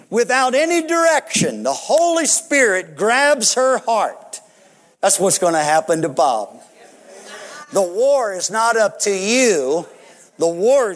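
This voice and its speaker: A pastor telling a story in a sermon, animated, often chuckling. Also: male voice, extremely high pitch. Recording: long hall reverb.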